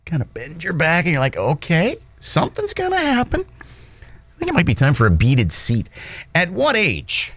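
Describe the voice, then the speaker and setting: A man's voice: a little high, moderate pace, breathy edge, no echo. A man in his sixties hosting a morning radio show, joking and self-deprecating as he tells stories. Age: 60s. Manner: jokey, self-deprecating, animated storyteller. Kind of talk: playful morning show banter. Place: radio studio. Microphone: studio microphone.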